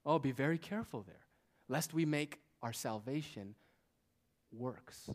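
A male pastor preaching a sermon in a church, swinging between quiet, hushed lines and raised, emphatic ones. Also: mid-range voice, animated, a little slow.

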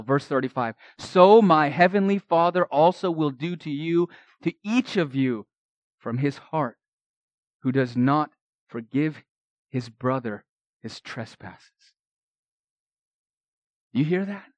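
A man preaching in a church with a slightly high voice. His delivery is earnest and rises to forceful emphasis before falling soft again. The sound is dry and close. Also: dry recording. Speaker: pastor. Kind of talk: expository sermon.

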